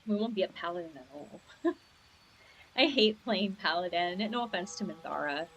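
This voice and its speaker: A woman's voice: lowish voice, lively intonation, moderate pace, fairly bright tone, a little hiss or hum. A young woman chatting casually while streaming a game, rambling and upbeat, on a lavalier mic at home. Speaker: gaming streamer. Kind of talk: casual live-stream chat.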